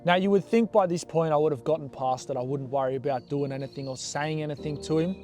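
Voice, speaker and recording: A man's voice: on the high side, quick pace, soft background music. Blunt, foul-mouthed young man telling a story. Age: young adult. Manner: animated, blunt, swears freely. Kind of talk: casual storytelling.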